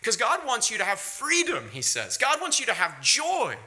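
Man, pastor, sermon, high voice, lively swinging pitch, emphatic. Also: normal speed. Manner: emphatic, rising to high bursts on key words; drops to quiet, wry storytelling with light laughs.

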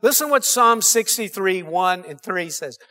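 A man's voice: high-pitched, expressive, a little slow, sharp tone. A male pastor preaching a sermon in church, calling out to the congregation for amens. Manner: preaching with call-and-response asides. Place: church sanctuary.

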